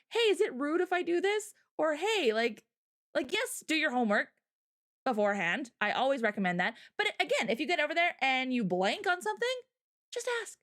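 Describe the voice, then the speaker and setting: A high-pitched woman co-hosting a casual livestream, her voice swooping up and down as she gets heated. She rants in an animated way, slipping into quoted voices as she tells a story. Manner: heated, ranting. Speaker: co-host.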